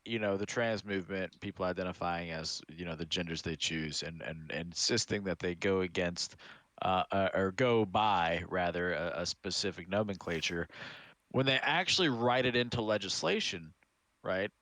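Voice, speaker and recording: A man's voice: sits low, moderate pace, a bit bright, no room sound. A man co-hosting a podcast in casual chat, making wry, mock-serious remarks. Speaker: podcast co-host.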